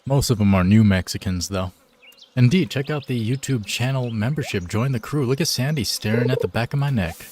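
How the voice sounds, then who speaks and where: A man's voice: medium pitch, a little fast, darkish tone. Laid-back joking male streamer. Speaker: game streamer. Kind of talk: casual live-stream chat.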